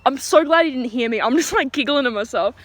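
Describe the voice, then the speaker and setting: A woman's voice: sits high, animated, fast, no echo. Giggly teenage Australian girl telling a story. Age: teens. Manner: chatty, giggly, many fillers. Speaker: vlogger. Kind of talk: storytime rant. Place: outdoors.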